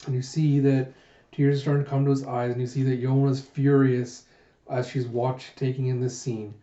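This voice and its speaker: A man with a mellow, relaxed voice gives a casual manga readthrough, chuckling and throwing in asides as he retells each scene. He sounds like he is in a roomy space, and the sound is a bit dull, like a simple home recording. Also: medium pitch, normal speed. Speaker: manga reader and reviewer.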